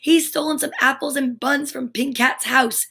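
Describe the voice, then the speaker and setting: A woman voicing a small, excitable toy boy in a children's storybook reading. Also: sits high, normal speed, creaky. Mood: eager.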